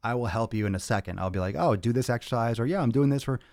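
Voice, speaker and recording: A man's voice: mid-range voice, quick pace, a little mellow, no room sound, studio quality. A man hosting a fitness podcast, ranting casually and with exasperation, swearing often and acting out the exchanges he quotes.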